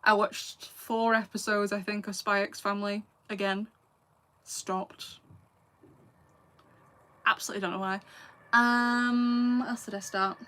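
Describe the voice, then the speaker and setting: A late-twenties English YouTuber with a Lancashire accent and a hint of Scouse handles live chat questions casually, laughing often and dropping into asides. She speaks at a measured pace with frequent pauses, in a mid-range, sharp-toned voice with little pitch movement.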